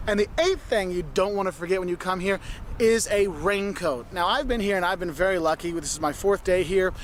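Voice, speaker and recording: A man with a high voice for a man talks outdoors in a city. He gives travel advice patiently and repeats his points to make them stick. Faint traffic hums behind him. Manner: instructive, repeats points, checks with "okay?". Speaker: travel vlogger.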